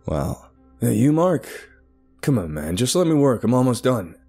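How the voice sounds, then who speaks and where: A man playing an experienced cave rescuer who talks in a brisk, impatient way. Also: mid-range voice, big pitch swings, mellow, faint music behind, voice pushed up. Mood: urgent.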